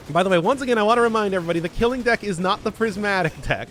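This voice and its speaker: A man's voice: high voice, a bit bright. A man with a Midwestern accent doing live game commentary, rambling and restarting his sentences as he chats with viewers. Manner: rambling, self-interrupting, quick to laugh. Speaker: game streamer. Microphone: desk mic through a mixer.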